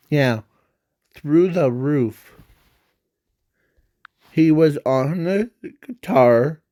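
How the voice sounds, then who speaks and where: A man's voice: fairly high pitch, lively intonation, very slow, long pauses, dark tone, dry recording, clean studio sound. A man telling an unscripted fan story in a rambling, hesitant way, full of fillers and self-corrections.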